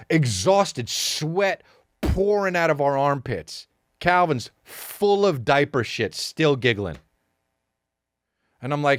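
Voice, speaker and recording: A man in his thirties, a podcast host, telling a comedic story in a profane, animated rant full of repeated words and sound effects. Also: a little high, slow, no echo, clean studio sound. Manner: acts out sounds and quotes.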